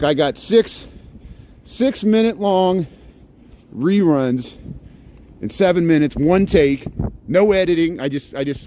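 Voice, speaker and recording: A man's voice: mid-range voice, mellow, slight background noise. A middle-aged man live-streaming as he walks outdoors, chatting in a rambling way and greeting viewers by name. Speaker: live-streaming walking vlogger. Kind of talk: casual live-stream chat. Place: outdoors on a snowy city street. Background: faint street ambience and passing vehicles.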